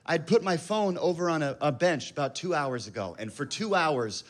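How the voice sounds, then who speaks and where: A man in his thirties doing stand-up, telling a story about himself in an animated, self-mocking way. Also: a little high, normal speed. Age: 30s. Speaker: stand-up comedian. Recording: live club with audience laughter. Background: audience laughter.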